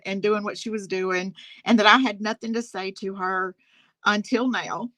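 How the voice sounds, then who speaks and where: A woman's voice: mid-range voice, pushed and bright, no echo, low-quality recording. A woman on a live talk panel, telling a story in a casual, indignant rant and laughing often as she talks to the host.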